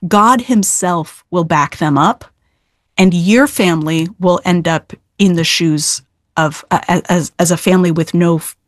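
A woman's voice: on the low side, unhurried, no room sound, studio quality. A middle-aged woman Old Testament scholar being interviewed, explaining scripture earnestly with emphatic stress and frequent restarts.

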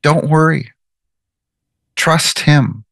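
A man's voice: a little high, drawn-out words, creaky, fairly bright tone, no echo. A man giving devotional Bible teaching, earnest and emphatic, repeating his key phrases.

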